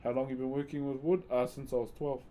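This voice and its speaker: A man's voice: mid-range voice, flat delivery, fast, warm tone. A man chatting casually on a live stream, thanking viewers by name and using Maori words. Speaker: live streamer and wood carver.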